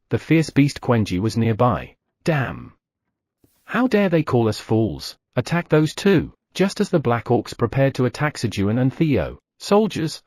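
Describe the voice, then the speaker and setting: A man reading an audiobook novel in steady, scripted narration. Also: mid-range voice, dry recording, clean studio sound. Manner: steady storytelling read.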